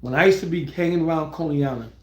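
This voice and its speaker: A middle-aged man live-streaming a casual story, rambling and excitable, often restarting his words and swearing freely. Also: on the high side, fast talker. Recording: roomy echo.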